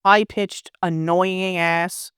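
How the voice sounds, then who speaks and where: A woman in casual chat with her husband, playful and exasperated, recorded close in a quiet room. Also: lowish voice, steady tone, drawn-out words, clear, resonant tone, no echo. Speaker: co-host, player's wife.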